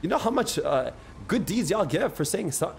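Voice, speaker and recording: Excitable male gaming streamer. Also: high voice, normal speed, vocal fry, slight background noise. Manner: excitable, jokey, talks to chat. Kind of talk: live gameplay commentary. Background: game music.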